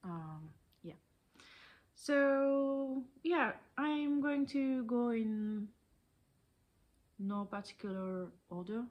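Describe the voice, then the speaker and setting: French woman, 30s, French accent, slow and unhurried, shy, casual home-filmed knitting vlog host. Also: high voice, little pitch movement, highs cut off. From France. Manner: hesitant, many ums, a little shy on camera. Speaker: knitting podcaster. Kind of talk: casual video podcast chat. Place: her living room at home.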